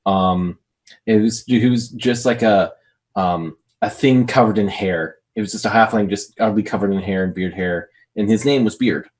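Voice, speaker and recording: Guest: man with a lowish voice, relaxed storyteller, talks fast in bursts. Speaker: interview guest. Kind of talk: casual interview chat.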